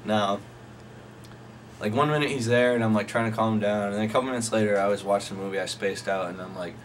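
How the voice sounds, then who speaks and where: A young man tells his friends a rambling, profane story, laughing often as he goes. His voice is fairly low and his intonation fairly even, and he talks fast, captured on a noisy amateur recording.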